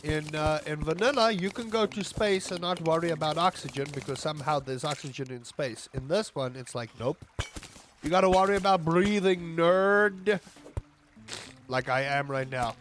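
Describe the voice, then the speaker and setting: A young South African man streams himself playing a game, rambling and cracking jokes as he chats casually with his viewers. His voice is a little high and slightly bright, he talks a bit fast with few pauses, and there's some faint background noise.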